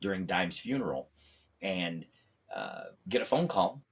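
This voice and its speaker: A man in his fifties with a gravelly voice, sitting in as a guest on a casual podcast. He tells rambling, animated stories, slipping into the voices of the people he quotes and stumbling through fillers and restarts. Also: deep voice, a little slow. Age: 50s. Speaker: podcast guest, comedian and voice actor. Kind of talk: casual storytelling chat.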